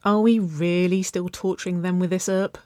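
A sardonic fifteen-year-old girl, as a woman reader puts her on, grumbling and dismissive. She speaks slowly and flatly, close and dry. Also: sits low, no echo, exaggerated voice.

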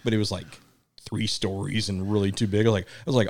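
A man's voice: fairly low pitch, little pitch movement, quick pace, darkish tone. A man co-hosting a podcast, telling a rambling story with frequent laughs and casual swearing. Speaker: podcast co-host. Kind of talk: casual chat.

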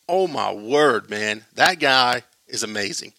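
Guy hosting a solo podcast, casual and rambling, mid pitch, crisp dry close-mic sound. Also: expressive, takes it slowly, pushed and bright, dry recording. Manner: rambling, loose and self-deprecating with many fillers. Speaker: podcast host.

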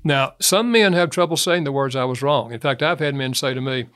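A man's voice: a little high, fairly quick, a bit bright. A man speaking as a guest author in an interview, telling anecdotes, chuckling and acting out quotes. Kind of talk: conversational interview talk.

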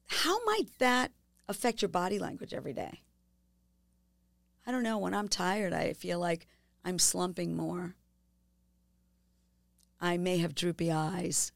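A woman hosting a podcast, speaking gently and asking listeners reflective questions in a self-help talk. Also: mid-range voice, vocal fry, no room sound, studio quality. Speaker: podcast host.

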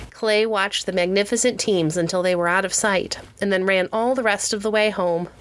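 A woman's voice: lowish voice, fairly bright tone, slight background noise. Woman reading a storybook aloud. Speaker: audiobook reader. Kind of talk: storybook narration.

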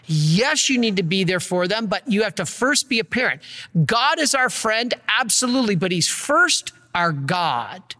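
A priest preaching a conversational sermon, with asides and frequent restarts. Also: male voice, high-pitched, very animated, a little slow, pushed and bright, big-room sound.

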